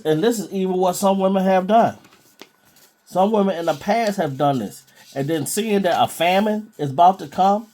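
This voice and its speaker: A man's voice: high voice, darkish tone. A man preaching informally from scripture in a blunt, scolding way.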